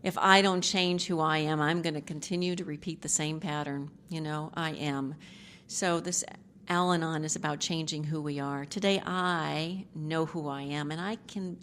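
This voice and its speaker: A woman's voice: low voice, fairly even intonation, moderate pace, a bit bright, slight background noise. A middle-aged woman giving a personal testimony as a speaker at a recovery group meeting, candid and rambling with frequent asides and self-deprecating humor.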